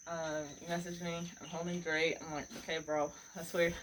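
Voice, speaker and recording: Woman, lowish voice, rambling casual storyteller, says "like" a lot, faint night crickets behind. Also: level tone, normal speed, background noise. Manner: rambling, lots of "like" and "bro", laughs often. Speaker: podcast co-host.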